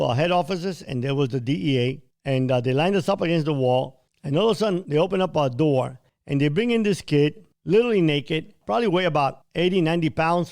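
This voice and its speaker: A man's voice: on the high side, a little mellow. A man hosting a podcast, telling a first-person story bluntly and vividly, sometimes swearing. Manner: blunt, vivid retelling with quoted dialogue; occasionally profane. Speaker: podcast host.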